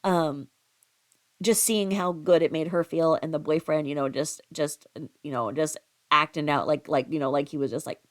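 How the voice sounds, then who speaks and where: Middle-aged woman, lowish voice, rambling casual storyteller with lots of fillers. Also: fairly even intonation, normal speed. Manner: chatty, rambling, with many fillers and restarts; acts out quoted voices in a higher pitch.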